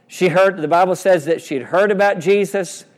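A man's voice: high-pitched, moderate pace. A man preaching a sermon, repeating phrases and calling for responses from the congregation. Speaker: pastor. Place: church sanctuary. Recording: long church reverb.

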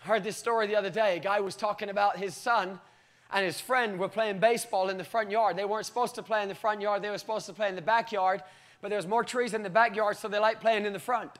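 Man preaching a sermon, very high pitch; builds to loud, stretched-out calls, then falls back low. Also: fairly even intonation. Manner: rises to loud, drawn-out cries, then drops low.

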